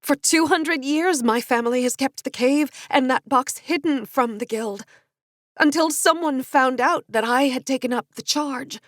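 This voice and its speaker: A woman's voice: high voice, measured pace, no room sound, studio quality, pitched above the performer's own voice. A woman voicing a proud guardian of a family secret, speaking firmly and earnestly.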